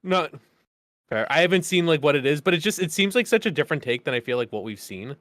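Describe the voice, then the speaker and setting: A man with a somewhat high voice, talking loosely in a casual podcast chat. He rambles, stacks fillers and restarts his sentences. The recording is dry and close. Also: lively intonation, fast, fairly bright tone, no echo. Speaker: podcast co-host.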